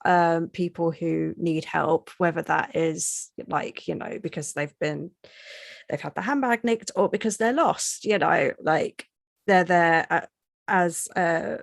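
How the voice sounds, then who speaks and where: A woman's voice: lowish voice, takes it slowly, gravelly, no echo, clean studio sound. A woman from Lincolnshire, a guest film writer, talking in a hesitant way full of fillers. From Lincolnshire, England. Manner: hesitant, many fillers, laughs often. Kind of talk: casual film discussion.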